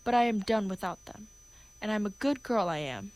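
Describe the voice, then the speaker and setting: A woman's voice: medium pitch, expressive, moderate pace, a little mellow, lightly acted. Woman doing a defiant Cockney flower girl. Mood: indignant. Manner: indignant, protesting, wailing. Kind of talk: amateur play reading.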